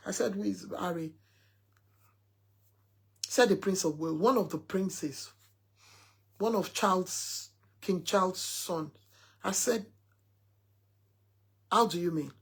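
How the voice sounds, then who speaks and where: Husky-voiced woman, mother telling a story to her followers with emphasis, quoting her son. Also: mid-range voice, measured pace, pauses often. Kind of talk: casual talk to followers.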